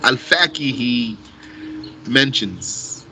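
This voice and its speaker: Bright-voiced man teaching Arabic grammar. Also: medium pitch, drawn-out words, a little hiss or hum, low-quality recording. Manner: relaxed, thinks aloud, mixes in Arabic phrases. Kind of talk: live online class answering student questions.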